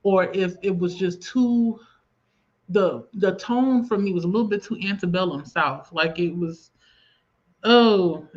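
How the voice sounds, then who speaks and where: A woman's voice: fairly low pitch, fairly bright tone. Chatty Southern woman, lo-fi stream audio. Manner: chatty, rambling, reads viewer comments aloud. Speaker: livestream host. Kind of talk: casual livestream chat. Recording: slightly dull lo-fi stream audio.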